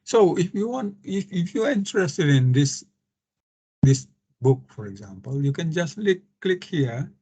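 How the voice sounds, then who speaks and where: A man with an Indonesian accent giving a screen-share lecture on translation, halting and full of fillers and restarts. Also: a little high, big pitch swings, dark tone, slightly rough.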